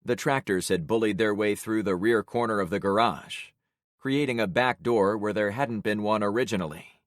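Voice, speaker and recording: A man narrating an audiobook in the first person, with steady, grave storytelling. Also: on the low side, normal speed, dry recording, clean studio sound.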